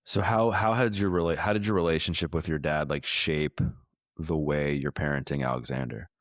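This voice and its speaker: A man hosts a podcast in a loose, rambling way, circling back with restarts and fillers. His voice is extremely low. The sound is dry and close. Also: steady tone, moderate pace, no echo. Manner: rambling, many likes and restarts. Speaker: podcast host. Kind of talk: casual interview chat.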